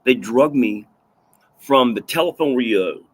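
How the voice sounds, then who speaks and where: A man's voice: mid-range voice, expressive, a little slow, slightly rough. A man tells a personal story in a loose, rambling way, swearing freely and piling up repeated phrases for emphasis. His voice sits in an ordinary middle range, and he keeps the delivery casual and unscripted. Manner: rambling, profane, with restarts and fillers. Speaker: vlogger recounting a personal story.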